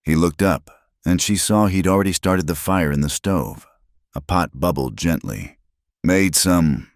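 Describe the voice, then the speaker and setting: Very deep, gravelly storybook narrator. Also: male voice, no echo, clean studio sound. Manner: slow, measured storytelling. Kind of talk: scripted narration.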